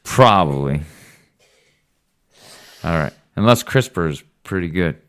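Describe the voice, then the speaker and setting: A man's voice: low voice, animated, takes it slowly, a bit bright. A man talking casually as a father hosting a home podcast with his son, teasing and joking with him. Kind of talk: casual late-night chat.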